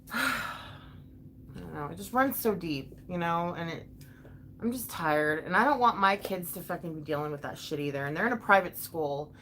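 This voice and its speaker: A young mother talks straight to her viewers, venting in an emotional, blunt way and cursing freely. Her voice swings widely in pitch as she works through her thoughts. A faint hiss of noise sits behind her. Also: animated, unhurried, long pauses, fairly bright tone. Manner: emotional, frank, swears often, restarts sentences. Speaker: vlogger and mother. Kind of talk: casual venting to a live chat.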